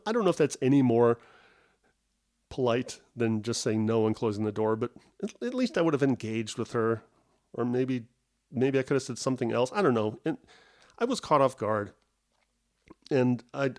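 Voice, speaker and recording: A man's voice: mid-range voice, moderate pace, darkish tone. Rambling, wry middle-aged man. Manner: rambling, self-interrupting, wry and self-mocking. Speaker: podcast host. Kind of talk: casual solo podcast storytelling. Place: at home.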